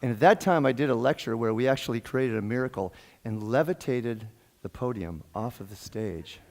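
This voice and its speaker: Male guest minister, mid-pitched, lively storyteller, long hall reverb. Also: normal speed. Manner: animated, laughs often, acts out quoted dialogue. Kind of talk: sermon with jokes and storytelling. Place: church sanctuary.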